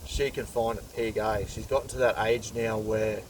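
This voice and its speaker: A man's voice: fairly low pitch, flat delivery, normal speed. A man telling a rambling hunting story in casual slang and chatting to his dogs outdoors. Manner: loose, rambling yarn with laid-back slang. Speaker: pig hunter and channel host. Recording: distant mic outdoors with faint background noise.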